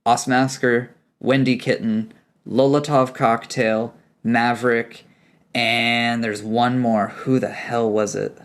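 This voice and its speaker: A man's voice: mid-range voice, little pitch movement, takes it slowly. A young man narrating a tabletop game as game master, rambling with many fillers.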